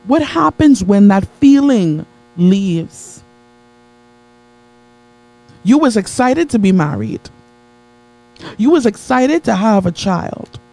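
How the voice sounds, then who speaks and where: Gravelly, mellow-voiced male motivational preacher. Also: takes it slowly, long pauses, poor audio. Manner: builds with repetition, call-and-response, laughs with crowd; swings between soft low asides and high excited peaks. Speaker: motivational speaker. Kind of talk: motivational sermon to a live audience.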